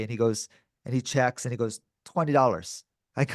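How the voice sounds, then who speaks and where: A man's voice: medium pitch, normal speed, no room sound. A man co-hosting a podcast and telling a story in casual chat, with a mid-range voice. He acts out the other people's lines and often throws in dude and bro. The sound is close and dry. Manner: animated, acts out quoted dialogue. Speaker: podcast co-host.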